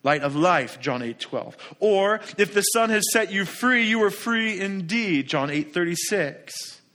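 Male pastor, slightly higher voice, emphatic sermon delivery with loud-soft swings. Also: expressive, measured pace. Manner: emphatic, full of rhetorical questions.

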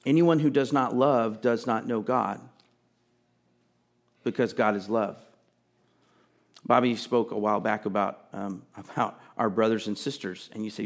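A man's voice: lowish voice, unhurried, long pauses. A male pastor preaching a sermon in a conversational way, with casual asides and emphatic repetition.

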